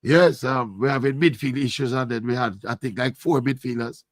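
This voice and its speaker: A man asking measured, probing interview questions. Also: medium pitch, fairly even intonation, no echo.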